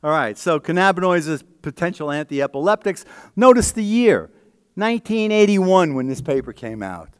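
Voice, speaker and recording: A man's voice: on the high side, big pitch swings, normal speed, clean tone. A man giving an emphatic, conversational scientific talk at a conference, often checking in with the audience.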